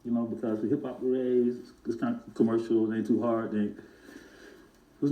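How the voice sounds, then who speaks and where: A man, a music producer and guest, telling stories in an animated way and acting out the voices of the people in them. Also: mid-range voice, normal speed, roomy sound, rough recording. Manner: acts out other people's voices in his stories. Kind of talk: animated storytelling.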